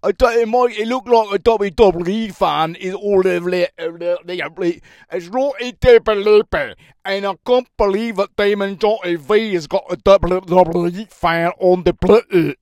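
A man's voice: high voice, moderate pace, darkish tone, dry recording, clean studio sound, pitched above the performer's own voice. A man putting on a mocking impression of a rambling Australian man, with a put-on Australian accent and crude, repetitive talk.

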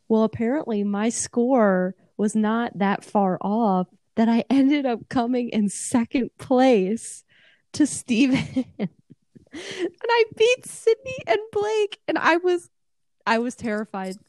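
A woman's voice: on the high side, dark tone, no echo. Playful young woman, dry sound. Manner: playful, laughing, teasing storyteller. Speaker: podcast co-host. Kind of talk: casual chat.

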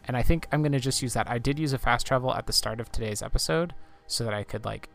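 A man hosting a relaxed gaming podcast, sleepy and rambling, with many fillers. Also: medium pitch, quick pace, gravelly, faint music behind. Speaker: podcast host. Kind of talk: casual game playthrough chat.

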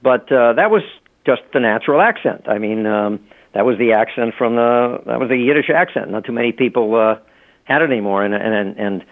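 Speaking briskly in a mid-range voice, this middle-aged author and law professor chats as an interview guest. His casual talk wanders, full of fillers and false starts, and the audio sounds tinny, like a phone line.

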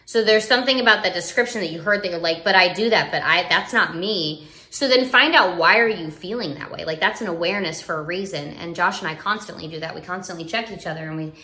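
A young woman vlogging about parenting speaks fast, with hardly any pauses, in a lowish, bright, forceful voice. Her casual live video chat is earnest yet rambling, full of fillers and restarts, and the room gives off an echo.

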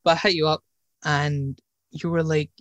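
A man's voice: fairly high pitch, level tone, normal speed, fairly bright tone, no room sound. A young man hosting a podcast in casual chat, slangy and teasing, often breaking into laughter. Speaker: podcast host.

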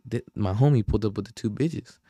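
A man's voice: lowish voice, quick pace, warm tone, dry recording. A young man hosting a podcast, telling a rambling story in a casual chat, full of slang and swearing, often losing his train of thought. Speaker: podcast host.

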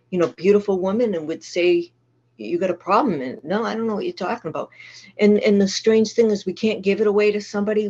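A woman's voice: lowish voice, darkish tone, highs cut off. A middle-aged woman with a Boston accent, speaking candidly and plainly at a twelve-step meeting, with frequent restarts. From Massachusetts. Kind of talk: personal recovery share.

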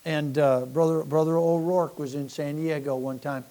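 A middle-aged man preaching a folksy sermon, rambling and self-deprecating, stumbling over repeated words and swinging from quiet asides to loud points. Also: fairly high pitch, fairly even intonation, moderate pace.

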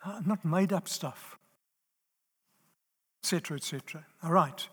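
A man's voice: a little high, moderate pace, breathy edge. A man preaching a sermon to a live audience. He talks emphatically, repeats his key phrases and checks whether the listeners are still with him. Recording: long reverb of a large hall.

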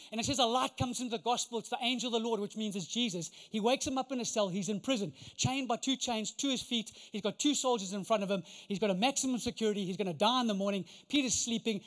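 Male preacher, lively storytelling sermon, high pitch, long hall reverb. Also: fast talker, few pauses. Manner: animated, conversational, acts out voices. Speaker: pastor.

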